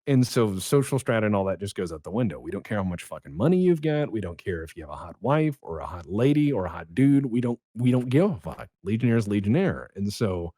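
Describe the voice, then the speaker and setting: A man's voice: lowish voice, very animated, quick pace, hardly any pauses, mellow, husky, no echo, studio quality. A young adult man, a podcast guest, telling rambling, profane stories in casual chat.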